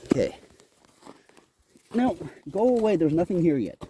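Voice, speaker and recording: A man's voice: sits high, big pitch swings, unhurried, warm tone, a little hiss or hum. A man vlogging outdoors on his homestead, chatting casually and coaxing and scolding his goats. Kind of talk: casual vlog narration. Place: outdoors on a farm.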